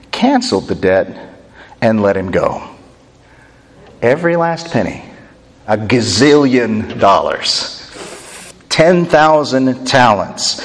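A man's voice: medium pitch, long reverb tail. A man preaching a sermon, retelling a story and acting out its voices expressively. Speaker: pastor.

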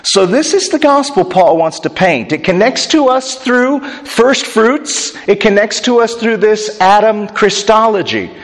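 A male pastor teaching a sermon in a conversational, explanatory way, with chatty asides to the congregation. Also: fairly high pitch. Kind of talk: expository sermon. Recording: long hall reverb.

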